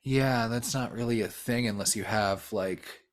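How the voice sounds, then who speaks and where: A man's voice: fairly low pitch, unhurried. Man, podcast co-host, casual rambling chat, lots of fillers and cursing. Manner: rambling, full of fillers and restarts, swears freely. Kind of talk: casual movie discussion.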